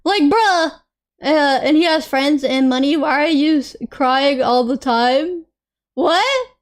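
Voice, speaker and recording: Young woman streamer, very high voice, worked-up rant, repeats herself. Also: takes it slowly. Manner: animated, ranting and repeating herself, with laughs and apologies. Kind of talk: casual live-stream rant.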